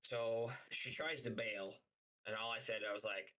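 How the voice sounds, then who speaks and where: A man's voice: fairly low pitch, steady tone, normal speed, pushed and bright, low-quality recording. A young man casually telling a story on a live stream, rambling and swearing often, with lots of "like". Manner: profane, rambling, heavy use of "like".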